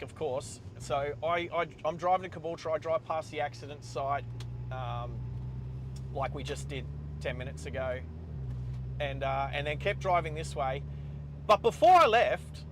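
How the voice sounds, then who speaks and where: A middle-aged Australian man telling a personal story while he drives, speaking in a halting way with many pauses and restarts. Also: a little high, a bit bright. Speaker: host of a live driving stream. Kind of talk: casual storytelling while driving. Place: inside a car on the road. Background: car and road noise.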